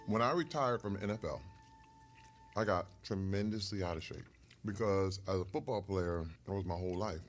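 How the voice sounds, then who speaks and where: A middle-aged man, a retired football player and guest, telling stories over a meal in an animated way, laughing often. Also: low-pitched, moderate pace, soft background music. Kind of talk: casual storytelling over a meal.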